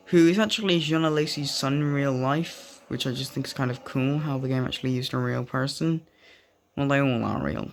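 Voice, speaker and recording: A young man giving casual, rambling commentary over racing game footage, often drifting off on tangents. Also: medium pitch. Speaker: gaming video creator.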